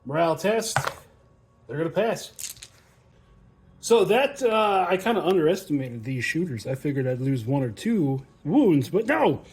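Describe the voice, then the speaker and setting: A man's voice: on the high side, big pitch swings, measured pace, darkish tone. Chatty man narrating a tabletop battle. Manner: chatty, counts dice aloud, laughs often. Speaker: tabletop wargame player and channel host. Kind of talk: casual battle report commentary.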